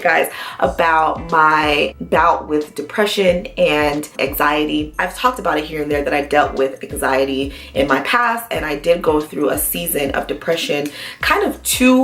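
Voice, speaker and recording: A woman's voice: low voice, fairly bright tone, reverberant. A woman vlogging to her subscribers, speaking in a casual, heartfelt way with nervous chatter and fillers. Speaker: YouTube vlogger. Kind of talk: casual heartfelt talk to camera.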